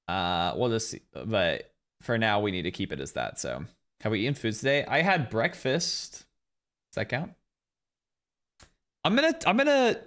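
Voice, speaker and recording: Chatty man streaming with a lively voice. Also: medium pitch. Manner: chatty and rambling, excitedly thanking viewers. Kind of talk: casual live-stream chat with viewers.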